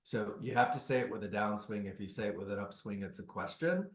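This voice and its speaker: A man's voice: fairly low pitch, a little fast, roomy sound. A man leading a real estate coaching session on a video call, giving direct, instructive advice.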